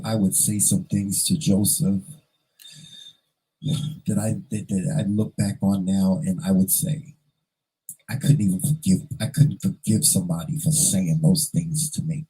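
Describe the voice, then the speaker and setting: A man's voice: low-pitched, dark tone, breathy edge, poor audio. A man vlogger telling a personal story in an earnest, emotional way, fighting back tears and repeating phrases for emphasis.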